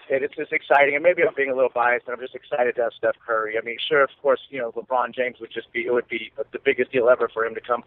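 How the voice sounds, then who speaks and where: A forty-year-old man from California's East Bay, a podcast guest telling rambling, excitable stories in casual chat. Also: mid-range voice, no echo. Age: 40s. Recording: tinny phone line, dry.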